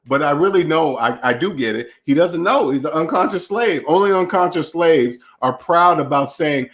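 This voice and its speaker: A man's voice: fairly high pitch, lively intonation, moderate pace, hardly any pauses, a bit bright. A man hosting a livestream, ranting in a preachy, mocking way while reading chat, with a voice still getting over a cold. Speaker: channel host.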